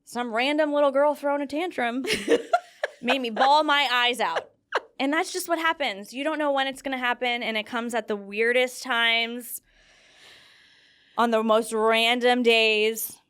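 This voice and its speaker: A woman's voice: on the high side, unhurried, clear, resonant tone. A young woman talking earnestly about grief in a casual conversation, telling stories with feeling. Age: young adult. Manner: earnest, animated storytelling with fillers. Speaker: guest.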